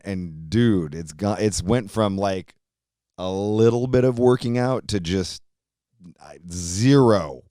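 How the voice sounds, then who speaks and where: A man's voice: deep voice, darkish tone, clear, resonant tone, no room sound, studio quality. A middle-aged man hosting a podcast, talking in a chatty, joking, laid-back way with slang like "dude" and "man". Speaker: podcast host. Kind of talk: casual podcast monologue.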